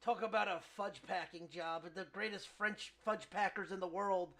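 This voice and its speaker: Podcast co-host, male, bright tense voice, crude comic banter. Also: high voice, steady tone, normal speed, creaky. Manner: joking, slips into silly put-on voices.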